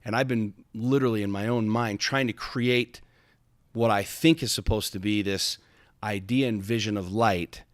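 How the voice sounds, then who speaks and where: In a dry, studio-quality recording, a podcast host with a lowish voice tells a personal story at a moderate pace. He's intense and emphatic, swearing often and restarting sentences again and again.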